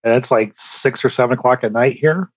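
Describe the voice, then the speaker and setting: A man's voice: medium pitch, brisk, husky, dry recording, dull audio. A man guest on a podcast, telling stories casually, acting out quotes and swearing as he goes. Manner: animated storyteller, acts out quotes, swears. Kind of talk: casual storytelling chat.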